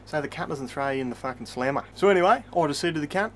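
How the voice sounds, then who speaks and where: A man's voice: on the high side, lively intonation, fast talker, hardly any pauses, a little hiss or hum. A man with an Australian accent telling a profane, rambling comic story, swearing constantly and tagging his sentences with mate. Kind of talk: profane comedic rant.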